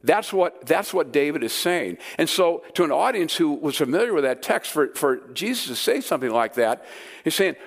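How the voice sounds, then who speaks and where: A man's voice: a little high, moderate pace. A man delivers a sermon to a gathered audience. He talks in a casual, conversational way and stresses his main points with rising energy. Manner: conversational, emphatic, animated. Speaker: preacher. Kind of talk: sermon teaching. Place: room with a live audience.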